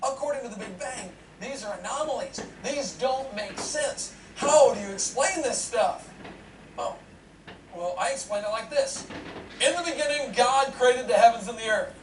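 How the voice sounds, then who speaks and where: A man giving a humorous lecture to an audience, animated and joking, often asking the crowd questions. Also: very high-pitched, unhurried. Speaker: seminar speaker. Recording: echoey hall, distant mic, noisy.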